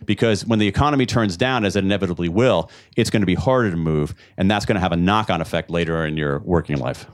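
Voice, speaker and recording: A low-voiced man answers questions from a live audience as an author. He is lively and jokey, and he keeps restarting sentences and repeating words while he thinks. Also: quick pace, hardly any pauses. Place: event room with a live audience.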